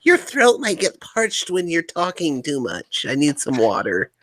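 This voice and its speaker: A man's voice: a little high, huge pitch swings, a little slow, fairly bright tone, no echo, pitched above the performer's own voice, full character voice. A man on a podcast putting on the voice of a fussy, nerdy young man as a joke. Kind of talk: comic put-on voice on a podcast.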